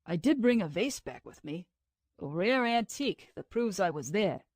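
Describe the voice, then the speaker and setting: A woman's voice: mid-range voice, sing-song, moderate pace, darkish tone, no room sound, clean studio sound. A woman reading a brooding male time traveler. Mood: troubled. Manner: earnest, brooding. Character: man, intense time traveler, troubled.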